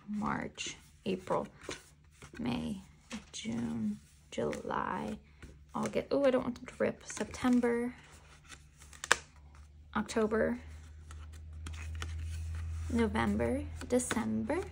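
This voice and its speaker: A woman vlogger giving excitable, gushing commentary as she unboxes merchandise and talks back to the photos. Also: fairly high pitch, gravelly, background noise.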